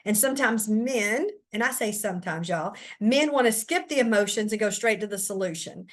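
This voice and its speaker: A woman who trains teachers, giving a chatty, animated lesson talk and speaking straight to her listeners. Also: mid-range voice, normal speed.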